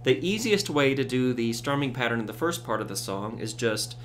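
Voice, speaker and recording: Lively man teaching ukulele. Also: medium pitch, fairly quick, hardly any pauses, over music. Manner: relaxed, with frequent "uh" fillers, counts beats aloud. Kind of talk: casual music tutorial. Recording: loud ukulele under voice. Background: ukulele strumming.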